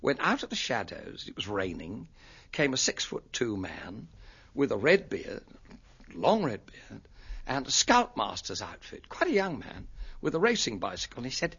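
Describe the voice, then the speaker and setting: Husky Englishman telling a story. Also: medium pitch, normal speed, dull audio. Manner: animated, acts out the voices in his story. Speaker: interviewee. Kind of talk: storytelling anecdote.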